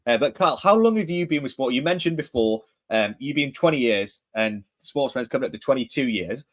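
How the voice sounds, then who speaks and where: A man's voice: medium pitch, animated, brisk. A man with a Geordie accent from northeast England, co-hosting a podcast in casual chat, chatty and full of questions. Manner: chatty, asks many questions, friendly teasing. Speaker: podcast co-host, director of training. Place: home room in England.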